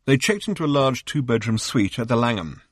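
A man reading an audiobook, narrating in an even, wry storytelling manner. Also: medium pitch, brisk, no room sound, clean studio sound. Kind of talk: scripted narration.

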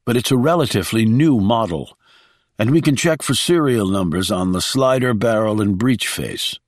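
A man's voice: on the low side, animated, moderate pace, dry recording. A man voicing a determined, suspicious male boss in an audiobook, speaking in clipped, commanding lines, dry recording. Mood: firm. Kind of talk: audiobook character reading.

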